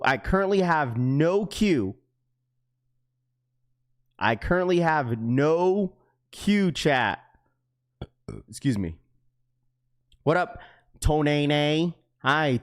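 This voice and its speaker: A young man livestreaming to his chat in a casual, slangy way, getting excited and repeating himself. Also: medium pitch. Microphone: webcam setup.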